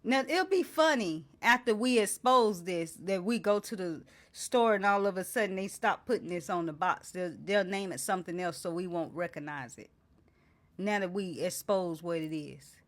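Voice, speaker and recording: A woman's voice: on the low side, moderate pace. A woman hosting her own talk show, indignantly reading out ingredients and firing off repeated rhetorical questions. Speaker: host. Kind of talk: impassioned to-camera talk.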